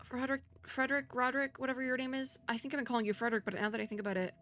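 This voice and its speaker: A woman doing let's play commentary, reading game text aloud and chatting in an excitable, nervous way. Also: high-pitched, racing. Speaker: gaming video creator.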